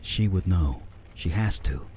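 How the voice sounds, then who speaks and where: Guy putting on a low shaky voice for a rattled game character, stammering, swings up and down. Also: animated, darkish tone, breathy edge, full character voice. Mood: shaken. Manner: halting, stammering, disbelieving. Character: shaken adult man, a fire mage companion in an adventure game.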